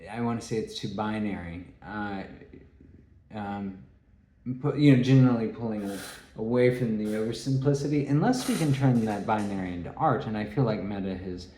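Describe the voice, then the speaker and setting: A man giving a rambling solo talk, halting and restarting his phrases. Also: on the low side, dark tone, slight background noise. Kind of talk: rambling spoken monologue. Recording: echoey room.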